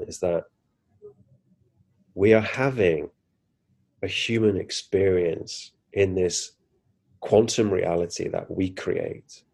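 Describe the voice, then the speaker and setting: A man's voice: on the low side, a little mellow. A man, a podcast guest animatedly retelling a personal experience, acting out his own reactions with frequent restarts. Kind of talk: casual first-person storytelling.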